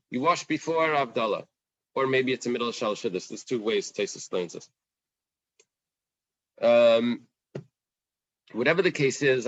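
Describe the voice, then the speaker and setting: A man leads a casual Talmud class, talking it through in a lively, conversational way and voicing the text's questions. The recording is dry and a little muffled. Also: medium pitch, no room sound. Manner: conversational, animated, acts out the Gemara's questions. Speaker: Talmud teacher.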